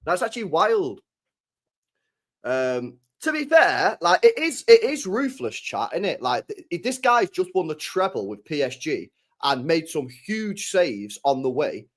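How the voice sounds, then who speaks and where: A young man, chatting casually about football transfer news, animated, repeating himself and swearing often. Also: fairly high pitch, unhurried. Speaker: football fan channel host.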